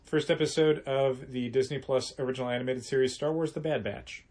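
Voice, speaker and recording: A man's voice: mid-range voice, brisk, darkish tone. A man in casual chat on a comic shop podcast, with a mid-range voice. He rambles along, circling back and restarting his sentences.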